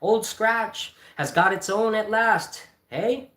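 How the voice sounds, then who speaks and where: A wealthy, jovial businessman makes brisk small talk in a high, lifted voice, put on by a man reading a storybook aloud. The words ring in a roomy echo. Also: fairly bright tone.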